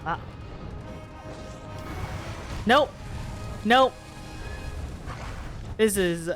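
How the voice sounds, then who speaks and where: A woman's voice: mid-range voice, expressive, measured pace, long pauses, fairly bright tone, faint music behind. A woman streaming a video game live, chatting to her viewers and playfully whining and pleading at the game with frequent laughs. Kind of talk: live gameplay stream commentary.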